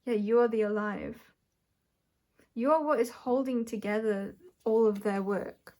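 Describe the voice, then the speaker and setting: A woman doing a pick-a-pile tarot reading, speaking in a searching way, often correcting herself and thinking aloud with soft laughs. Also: on the high side, a little slow. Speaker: tarot reader. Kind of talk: intuitive tarot reading to camera.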